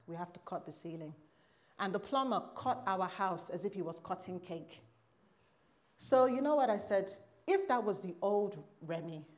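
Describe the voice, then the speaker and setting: Preaching her church testimony, a woman speaks emphatically with exclamations, alternating loud outbursts with hushed lines while calling on the audience to respond. Her pitch sits in the medium range.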